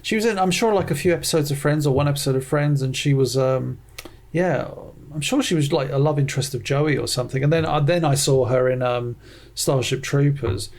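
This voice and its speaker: A man's voice: mid-range voice, fairly quick, creaky. A man co-hosting a film podcast, chatting casually and acting out the attitudes he describes. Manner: animated, mimics attitudes in quotes, many restarts. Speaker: podcast co-host. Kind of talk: casual film review chat.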